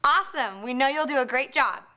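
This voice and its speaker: A woman's voice: high-pitched, a little fast, pushed and bright. A woman cheerleader peppily addressing and encouraging students. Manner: peppy, leading students.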